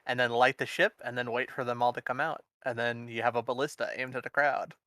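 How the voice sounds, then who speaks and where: A man's voice: medium pitch, steady tone, a little fast, bright, forceful tone, no echo, clean studio sound. A man player in a tabletop game, casually laying out plans.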